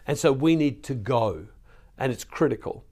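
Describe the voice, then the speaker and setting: A Catholic preacher gives an earnest devotional sermon, pleading with his listeners and often repeating words, sometimes growing emotional. His mid-range voice is mellow, with lively intonation at a moderate pace.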